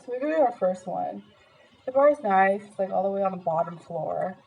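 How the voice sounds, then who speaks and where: A woman's voice: mid-range voice, lively intonation, brisk, vocal fry, husky, narrow, tinny audio. Chatty young American woman eating on camera. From United States. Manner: chatty storytelling, many fillers, eating between lines. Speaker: vlogger. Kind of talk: casual chat while eating.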